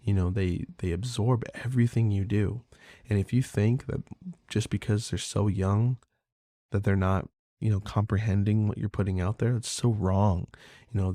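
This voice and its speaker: A man's voice: lowish voice, mellow, dry recording, studio quality. A man hosting a podcast in a casual, candid monologue, swearing freely and talking loosely. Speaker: podcast host.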